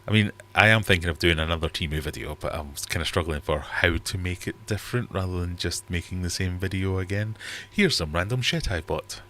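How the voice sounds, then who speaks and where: A man's voice: low-pitched, a little fast, hardly any pauses, bright, forceful tone. A Geordie man hosting a casual livestream chat, rambling and reading out viewers' comments. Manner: rambling, chatty, reads out comments. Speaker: livestream host. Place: home fish room.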